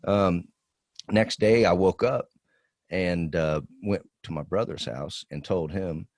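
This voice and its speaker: A man's voice: low-pitched, takes it slowly, no room sound, studio quality. A man in his forties, a podcast co-host, telling a long profane story in casual chat. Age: 40s. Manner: profane, rambling storytelling with animated quoted voices.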